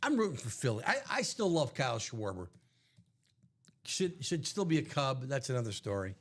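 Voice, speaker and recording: A man's voice: mid-range voice, very animated, normal speed, a bit bright. A man co-hosting a live sports card break, chatting and rambling through sports tangents. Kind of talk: casual live-stream banter.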